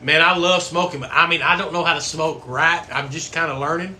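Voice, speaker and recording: Bright-voiced man chatting live. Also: a little high, steady tone, brisk, slight background noise. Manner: folksy, swearing, chatty. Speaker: livestream host; coach. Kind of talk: casual livestream chat.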